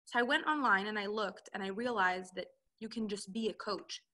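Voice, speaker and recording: A woman's voice: medium pitch, normal speed, bright, forceful tone. A woman coaching entrepreneurs, telling her personal story in an interview and acting out the dialogue she quotes. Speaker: relationship and business coach, guest.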